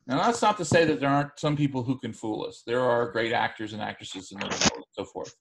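A man teaching a recorded class lecture, explaining in a relaxed, conversational way with frequent fillers and restarts. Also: medium pitch, fairly quick.

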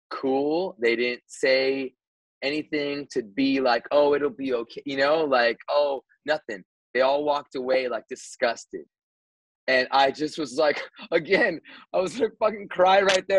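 A man, a radio host guest on a podcast, telling a story casually, animated and swearing, with lots of restarts. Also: medium pitch, no echo, rough recording.

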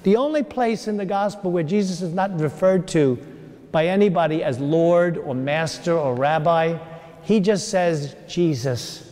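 A man, a priest, delivering a sermon in a slow, earnest way with long pauses. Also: on the high side, a little mellow. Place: large church. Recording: long church reverb.

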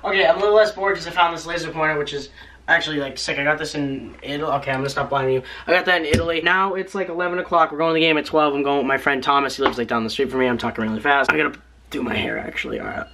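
A man's voice: on the high side, very fast, sharp tone, a little hiss or hum. A teenage guy vlogging in a rambling, joking, self-mocking way, filmed on a handheld camera. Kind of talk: casual vlog.

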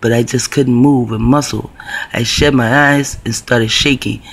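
Man, casual vlog storytelling, rambling and profane, mid-pitched voice. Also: fairly even intonation, unhurried. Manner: rambling, profane, conspiratorial retelling. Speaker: video blogger.

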